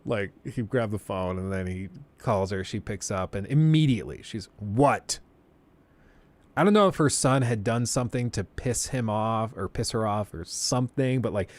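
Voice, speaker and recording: A young man telling a story on a livestream, laughing often and acting out the people he quotes. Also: medium pitch. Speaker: streamer.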